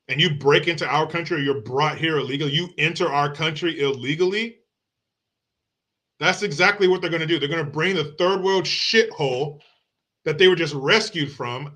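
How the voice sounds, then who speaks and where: A man's voice: fairly high pitch, sharp tone. A middle-aged man hosting a show, giving blunt, profane and heated political commentary. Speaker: show host.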